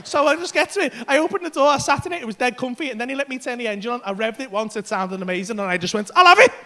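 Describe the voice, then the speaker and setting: Male comic, high voice, brash sweary storyteller, live club set. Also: racing, pushed and bright. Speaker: stand-up comedian. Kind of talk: stand-up comedy set. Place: comedy club stage.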